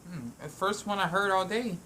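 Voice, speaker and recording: A woman's voice: medium pitch, moderate pace, pushed and bright, a little hiss or hum. A woman vlogging at home while she eats, talking in a meandering way with frequent restarts and fillers. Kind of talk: rambling eating vlog.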